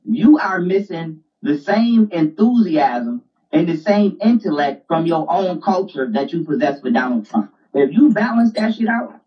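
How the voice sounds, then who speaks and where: A man's voice: fairly high pitch, expressive, unhurried. A man in a heated casual argument, insistent and lecturing, repeating phrases as he pushes his point. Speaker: debater. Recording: distant dull lo-fi mic.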